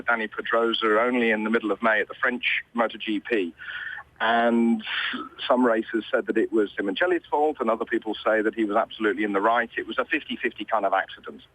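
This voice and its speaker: British motorsport commentator on a radio line. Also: male voice, medium pitch, a bit bright, poor audio. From Britain. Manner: conversational, with restarts. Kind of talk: news interview.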